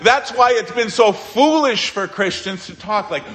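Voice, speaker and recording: A man preaching a sermon as pastor, emphatic, with dramatic pauses and sudden quiet asides. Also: sits high, expressive, in a large hall.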